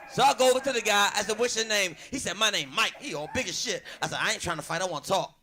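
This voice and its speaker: A man's voice: high voice, fast talker, hardly any pauses. A man doing a stand-up comedy set and hosting the show, swearing freely and acting out every quote. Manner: loud, animated, swearing, acts out quotes. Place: comedy club stage. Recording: comedy club with audience noise.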